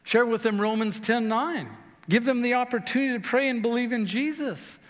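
A man's voice: very high-pitched, moderate pace, big-room sound. A man preaching a sermon, earnest and direct, urging listeners with rhetorical questions. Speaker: pastor.

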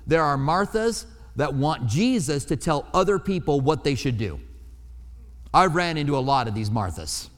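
A man's voice: fairly high pitch, in a large hall. A man preaching a sermon in a conversational way, acting out the quoted lines in different voices. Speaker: pastor.

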